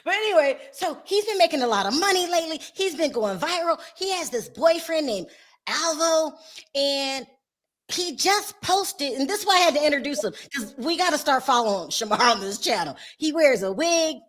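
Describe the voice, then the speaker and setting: A woman hosting a casual gossip chat, animated and laughing often as she talks straight to her viewers. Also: high voice, moderate pace. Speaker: show host.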